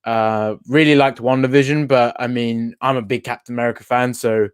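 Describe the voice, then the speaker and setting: A man hosting a relaxed online chat, talking at an ordinary middle pitch. He sounds upbeat and conversational and laughs easily. The sound is dry and close, with no room echo. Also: normal speed, clear, resonant tone. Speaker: host. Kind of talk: casual video-call interview.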